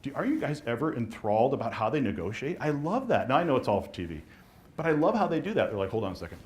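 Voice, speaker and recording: A man teaching a live real estate marketing class, fast and animated, acting out dialogue with clients and agents. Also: medium pitch.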